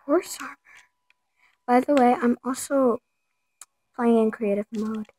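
A woman talks slowly over her gameplay, her voice sitting a little higher than most. She plays up being frightened, slipping into hushed whispers and sudden gasps between casual remarks. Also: steady tone, background noise. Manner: acts scared, drops to whispers and gasps. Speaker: gameplay video host.

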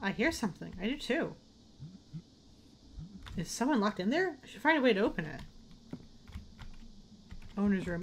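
A woman's voice: medium pitch, expressive, a little fast, pauses often, a little hiss or hum. Jumpy woman swearing through a horror game. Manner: jumpy, swears, talks to herself. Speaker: let's play gamer. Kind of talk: casual game commentary.

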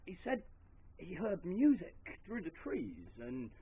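Man voicing earnest young farmhand, lively voice, matter-of-fact, lo-fi sound. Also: high voice, unhurried, vocal fry, slight background noise, voice pushed up, exaggerated voice. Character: plain young farmhand answering his master.

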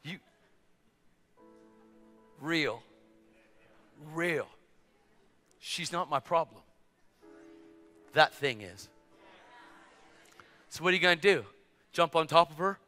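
High bright-voiced guy preaching, animated storytelling, echoey hall, soft music. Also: takes it slowly, pauses often. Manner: animated, swings from hushed to shouting. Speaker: evangelist preacher. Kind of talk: storytelling sermon.

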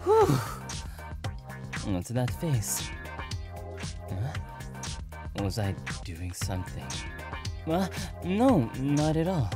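A man's voice: mid-range voice, wildly swooping pitch, very slow, pauses often, music in the background, heavily acted. A man voicing a playful young boyfriend who rambles in a goofy, scatterbrained way and is out of breath, in a whispered role-play.

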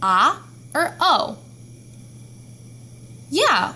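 Slow, clear-spoken woman teacher. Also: sits high, very animated, pushed and bright. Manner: slow, clear, sounding out letters. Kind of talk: phonics lesson for young children.

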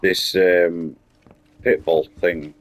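A man's voice: low voice, level tone, extremely slow. A man chatting casually while streaming a game, telling rambling, sweary stories. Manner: rambling storytelling, swears freely. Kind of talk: casual chat while playing.

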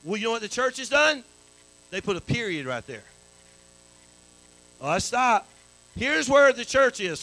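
A man's voice: high-pitched, sing-song, normal speed, long pauses, fairly bright tone, low-quality recording. A man preaching a sermon as pastor, calling out to the congregation and restarting phrases. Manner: call-and-response preaching, repetitive restarts.

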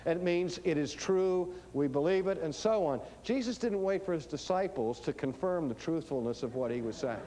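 A man delivering a teaching sermon, emphatic and dramatic, swinging between hushed lines and booming ones. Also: expressive, normal speed, few pauses. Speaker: preacher.

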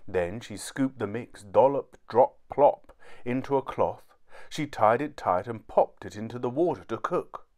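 A man reading a children's storybook aloud with an expressive, animated delivery. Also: medium pitch, normal speed.

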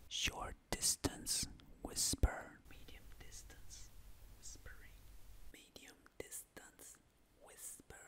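A man with an Italian accent talks through a product demo at an unhurried, deliberate pace. He explains step by step and often restarts a phrase while he shows something. His voice sits at an ordinary middle pitch. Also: darkish tone, clean tone. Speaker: tech reviewer. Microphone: testing desk microphones.

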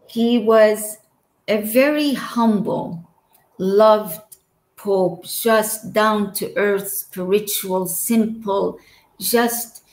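A woman's voice: mid-range voice, roomy sound, poor audio. A woman telling a personal story as an interview guest, emotional and trailing off between phrases.

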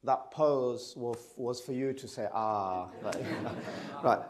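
Man, hoarse from a cold, croaky voice, jokey conference talk, addresses the audience. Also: mid-range voice, fairly even intonation, takes it slowly, darkish tone. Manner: jokey, talks to the audience directly. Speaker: event speaker. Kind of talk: conference presentation.

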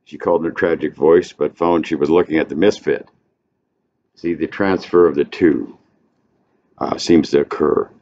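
Deep low-voiced man, informal literature lecture, rambling with pauses and fillers, muffled lo-fi recording. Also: fairly even intonation, a little mellow. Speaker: literature presenter. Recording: dull lo-fi recording, faint hiss.

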